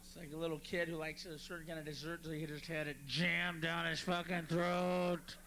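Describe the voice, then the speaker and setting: A male stand-up comedian with a high, strained voice works a club stage, lurching from grumbling asides into sudden shouts. His delivery is profane and raucous. The live recording carries a steady wash of noise behind him. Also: moderate pace.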